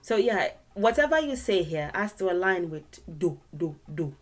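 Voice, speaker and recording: A woman's voice: fairly low pitch, big pitch swings, moderate pace. A woman teaching an online language lesson, patiently repeating words and sounding out tone syllables.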